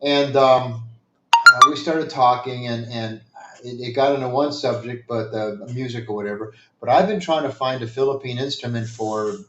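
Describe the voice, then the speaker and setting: A man's voice: medium pitch, moderate pace, noisy background. Male storyteller, casual and wandering, dry wit; dull lo-fi call audio. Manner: rambling, many fillers and restarts, dry humor. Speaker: guest telling stories. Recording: echoey, dull lo-fi sound.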